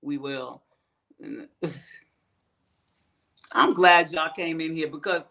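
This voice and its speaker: A woman's voice: low-pitched, animated, takes it slowly, long pauses, sharp tone. A woman from the United States hosting her own show, ranting in a profane, fired-up commentary straight to her viewers. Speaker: show host.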